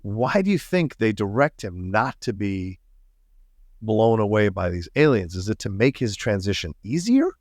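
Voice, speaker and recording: A middle-aged man chats about movies and poses probing questions, his voice swinging up and down with lively pitch. His sound is dry and close. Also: moderate pace, no room sound. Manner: chatty, asks probing questions. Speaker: podcast co-host. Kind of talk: casual film discussion.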